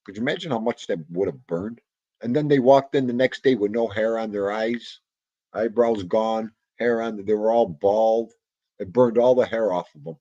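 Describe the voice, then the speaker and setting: Rambling low-voiced livestream man. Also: moderate pace, warm tone, no echo, muffled recording. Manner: rambling, nostalgic, muttering asides to himself. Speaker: livestream host. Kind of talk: casual livestream chat reading comments.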